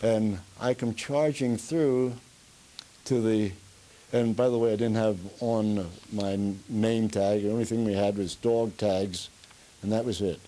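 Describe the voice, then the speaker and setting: A man's voice: lowish voice, steady tone, unhurried, mellow, low-quality recording. An older man in an oral history interview, a rambling storyteller who chuckles as he goes, with a Pennsylvania Dutch accent. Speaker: veteran being interviewed.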